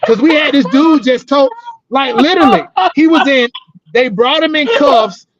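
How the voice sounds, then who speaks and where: A man's voice: very high voice, normal speed, lo-fi sound. A man co-hosting a casual talk show, telling profane, rambling stories about working as a corrections officer. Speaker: podcast co-host, former corrections officer. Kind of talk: casual chat.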